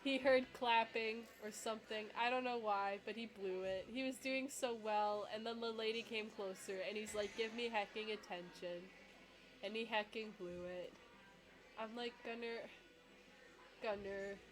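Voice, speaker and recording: A woman's voice: a little high, steady tone, moderate pace. A young woman giving a casual, giggly, rambling reaction commentary with lots of fillers. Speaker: vlogger reacting to her own dog competition video.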